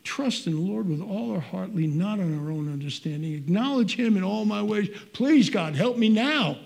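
A man's voice: sits high, animated, brisk, vocal fry, darkish tone. An older man preaching a sermon in an earnest, conversational way with folksy asides.

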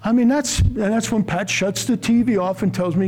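Middle-aged preacher guy, high voice, gets fired up then goes slow and soft. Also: poor audio. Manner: fervent, rising to forceful emphasis, then slow and soft. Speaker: pastor. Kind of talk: sermon.

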